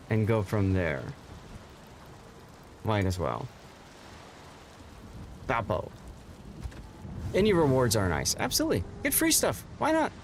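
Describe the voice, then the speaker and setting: Guy streaming and rambling to chat, mid-pitched, really bouncy intonation. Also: slight background noise. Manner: chatty and rambling, bursts of excited greetings. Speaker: game streamer and host. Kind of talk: casual livestream chat.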